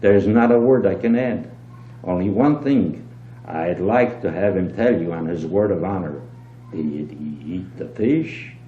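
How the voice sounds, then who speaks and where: A man reading aloud and voicing a shrewd, calm innkeeper who talks with wheedling mock innocence. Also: low voice, measured pace. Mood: innocent. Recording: dull, roomy old home tape with hum.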